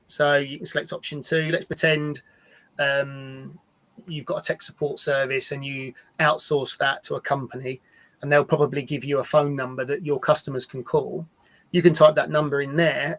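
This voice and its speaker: A man presenting a live-streamed software demo, talking casually and repeating words as he restarts sentences. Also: on the high side.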